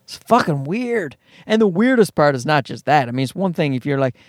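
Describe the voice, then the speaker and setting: A man's voice: a little high, fairly quick, dry recording, clean studio sound. A man, hosting a solo comedy podcast, ranting and swearing sarcastically. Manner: profane, ranting, sarcastic, animated. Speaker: podcast host. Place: parked car.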